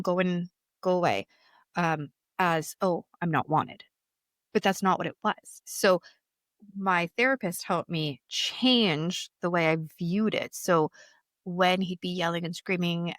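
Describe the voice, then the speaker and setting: A woman's voice: on the low side, a bit bright, no echo, clean studio sound. A woman speaking candidly in an interview, telling her own story openly and animatedly, often breaking into laughter. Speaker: guest.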